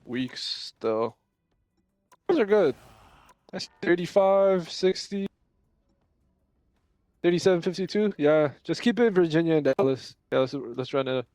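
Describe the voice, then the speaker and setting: A man chatting with a friend while gaming on a stream, slangy and animated in quick bursts. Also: a little high, no echo. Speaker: gamer on stream. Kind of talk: casual chat while gaming.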